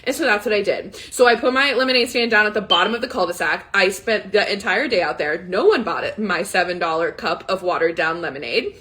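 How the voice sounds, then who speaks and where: A woman in her thirties runs a casual live money coaching session, telling a personal story candidly and emotionally until she is tearful and close to crying. She keeps saying "like" and "right?" Her medium-pitched voice is pushed and bright, fairly quick, with hardly any pauses.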